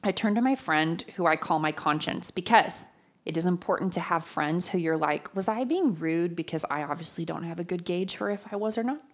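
A woman preaching a sermon, telling personal stories with lively, acted-out quotes. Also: fairly low pitch, fairly quick. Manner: animated storytelling, acts out quotes.

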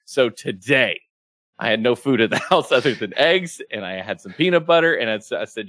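A man on a podcast as a guest, chatting casually and telling a story with lively quoted asides. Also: mid-range voice, moderate pace, no echo. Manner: animated storytelling, acting out his own quotes. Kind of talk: casual chat. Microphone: remote, streaming in.

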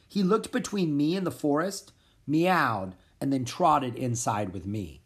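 An expressive reader narrating a children's storybook aloud in first person. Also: mid-range voice, measured pace. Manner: expressive, animated. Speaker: audiobook narrator.

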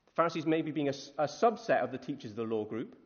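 A man preaching a conversational sermon, animated, often asking his listeners questions. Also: mid-range voice, quick pace. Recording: echoey hall, dull lo-fi sound.

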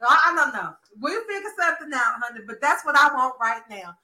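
A woman from the South, chatting casually and bluntly, full of profanity and animated emphasis. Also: high-pitched, a little fast, background noise. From American South. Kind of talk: casual chat recapping a soap opera.

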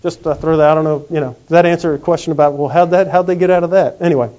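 A man preaching a sermon in a folksy, animated way. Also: a little high. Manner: folksy, animated, acts out quick comic voices. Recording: dull lo-fi recording.

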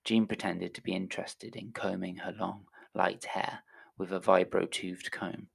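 A man narrating a science-fiction story aloud, with a soft, intimate delivery that drops to a whisper at times. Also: low-pitched, little pitch movement, measured pace, creaky, breathy edge.

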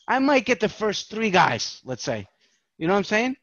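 A man's voice: high-pitched, very animated, normal speed, a bit bright, no echo, muffled recording. A man from New York, a podcast host, telling rambling profane stories in casual chat.

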